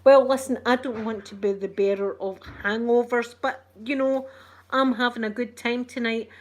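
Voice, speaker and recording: A woman's voice: on the high side, moderate pace. Chatty Scottish woman spinning a yarn. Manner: animated storyteller, acts out what people said. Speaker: channel host. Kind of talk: casual livestream chat.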